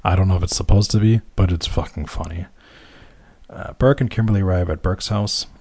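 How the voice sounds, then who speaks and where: A man's voice: deep voice, fairly even intonation, brisk, a little mellow, no echo. A man recapping a film scene by scene in casual commentary, with wry, sarcastic and profane asides. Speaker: movie recap narrator.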